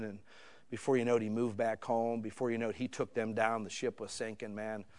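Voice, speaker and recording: Delivering a sermon, a middle-aged pastor from the US shares something from his own life in a conversational way. His medium-pitched voice drops into hushed asides, then rises into loud, fiery bursts.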